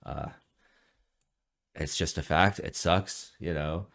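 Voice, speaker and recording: A young man ranting casually in a vlog about keyboards, profane and rambling, swinging from low mutters to loud outbursts, sounding jet lagged. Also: fairly even intonation, slow, vocal fry. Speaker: keyboard reviewer.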